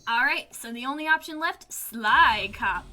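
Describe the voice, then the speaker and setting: A woman hosting a game playthrough, reacting with excited exclamations. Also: high-pitched, measured pace, soft background music. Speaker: let's play host. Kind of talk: reacting while playing a game.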